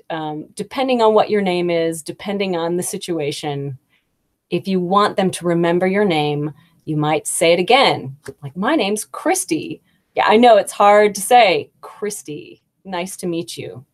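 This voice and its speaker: A woman in her thirties hosting a live English lesson, explaining slowly and kindly with examples. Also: lowish voice. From United States. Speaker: English teacher and host. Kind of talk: live-streamed teaching talk.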